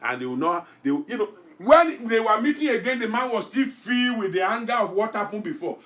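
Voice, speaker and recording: Male pastor, fairly high voice, fervent repetitive sermon and prayer delivery. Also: big pitch swings, a little fast, roomy sound. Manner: fervent, repetitive preaching, rising to shouted prayer; reads scripture aloud with comments.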